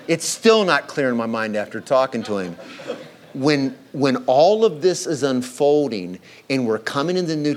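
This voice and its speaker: A man preaching a sermon, reading scripture aloud and acting out the quoted voices with dramatic emphasis. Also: medium pitch. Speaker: pastor.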